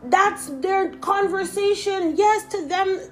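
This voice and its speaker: A young woman with a Jamaican accent talks through a casual opinion podcast in a high, unhurried voice. She rambles in an animated way and drifts into patois. Soft music plays faintly behind her. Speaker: podcast host.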